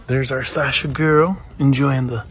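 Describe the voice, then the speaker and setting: A man's voice: mid-range voice, steady tone, unhurried, fairly bright tone, a little hiss or hum. A man talking to his dogs in a coaxing, sing-song way while he gets their lunch ready, first outdoors and then inside. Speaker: dog vlogger. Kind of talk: casual talk to his dogs. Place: outdoors in a yard, then indoors.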